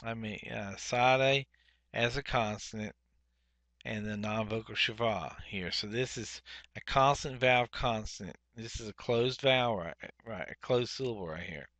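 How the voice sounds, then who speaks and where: A man teaching a Biblical Hebrew workbook lesson, speaking deliberately and saying each Hebrew word twice, with frequent "uh" fillers. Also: lowish voice, fairly bright tone, no room sound. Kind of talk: workbook lesson, explaining grammar.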